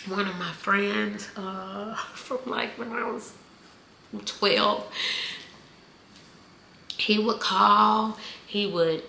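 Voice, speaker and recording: A woman in her forties shares a personal story in a bright, slightly gravelly voice. She speaks slowly and haltingly, with many fillers, and is emotional and close to tears. The echoey room carries a faint hum of noise behind her. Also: medium pitch, steady tone. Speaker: vlogger.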